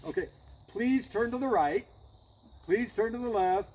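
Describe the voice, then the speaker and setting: A man's voice: high voice, unhurried, darkish tone, a little hiss or hum, voice pushed up. A man putting on the voice of a brash Irish-born colonel coaxing his recruits into line with loose, pleading commands.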